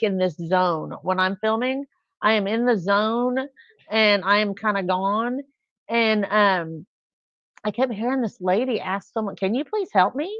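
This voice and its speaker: A woman with a medium-pitched voice hosts a casual live stream, chatting and telling rambling everyday stories. There's no room sound, and the recording has a dull, lo-fi quality.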